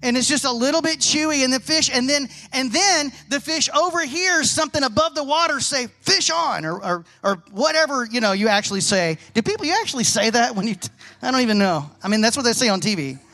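A man preaching a sermon to a congregation, telling animated stories and asking rhetorical questions. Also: very high voice, fast talker. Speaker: pastor.

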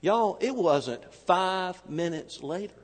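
A man preaching a sermon, telling a personal story in a conversational way and slowing down hard for emphasis. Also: sits high, animated, in a large hall. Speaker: pastor.

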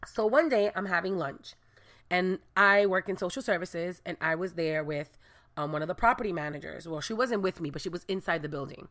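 A young adult woman from Brooklyn, New York, casually telling viewers a story and acting out the dialogue with lively voices. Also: lowish voice, a little fast. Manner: animated, acts out dialogue with voices. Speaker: storyteller vlogger.

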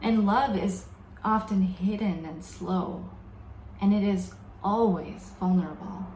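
A woman delivers a sermon at a medium pitch, reflective and measured, slowing down on the words she wants to stress. Her voice carries around an echoey room. A faint background ambience sits under her voice. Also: fairly even intonation, darkish tone, slight background noise. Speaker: preacher.

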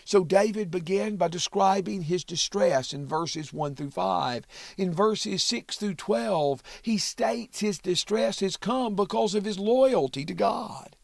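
A man with a high, gravelly voice hosts a Bible study podcast. He talks slowly and steadily, reading verses and explaining them in a measured, reflective way. The recording is dry and close, with almost no room sound. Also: darkish tone, dry recording. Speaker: podcast host teaching the Bible.

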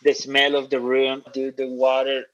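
A relaxed man chatting as an interview guest, rambling through stories in a casual, friendly way and calling people dude and man. His voice sits at an ordinary pitch. The sound is somewhat dull and lo-fi. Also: moderate pace. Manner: loose, storytelling, says dude and man a lot. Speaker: guest, coffee roaster.

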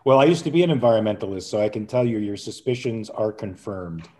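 Male guest, dark mellow tone, measured and opinionated, casual panel. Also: on the low side, animated.

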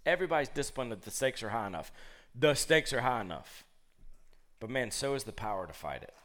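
A man in his thirties preaching a sermon, talking casually and acting out quotes with lively voices while telling family stories. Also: fairly quick. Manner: animated, conversational, acts out quotes in high voices.

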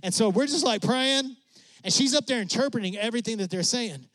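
A middle-aged man preaching a testimony, telling his story with animated leaps up in pitch when excited. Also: fairly quick, no room sound. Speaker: preacher sharing a mission testimony. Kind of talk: sermon storytelling.

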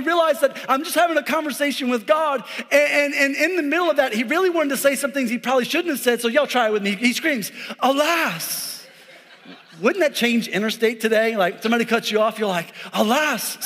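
A man's voice: very high voice, fairly bright tone, big-room sound. A man in his forties, a pastor preaching a sermon in a church in a joking, conversational way, often checking in with the congregation. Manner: joking, conversational preaching with frequent "all right?". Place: church sanctuary.

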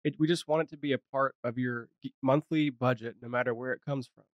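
A man co-hosting a podcast as a financial advisor, speaking in a calm, agreeable and supportive way. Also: mid-range voice, brisk, dry recording, lo-fi sound. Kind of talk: conversational podcast discussion.

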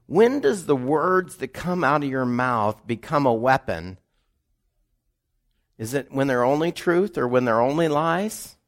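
A man preaching in church, reading scripture aloud and then turning to ask the congregation questions. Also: lowish voice. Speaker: pastor. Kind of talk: sermon. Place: church sanctuary.

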